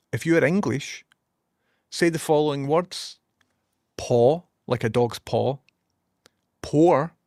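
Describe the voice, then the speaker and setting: A young Scottish man with a West of Scotland accent, chatting casually with viewers in an animated, swearing rant. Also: mid-range voice, dry recording, clean studio sound. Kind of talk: casual chat.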